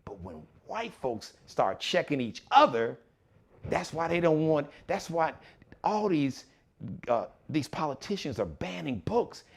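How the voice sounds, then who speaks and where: An animated man hosts his own live show, talking with preachy conviction. His voice sits a little high and swings widely in pitch. He acts out other people's voices as he goes. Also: a little slow, vocal fry. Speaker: show host.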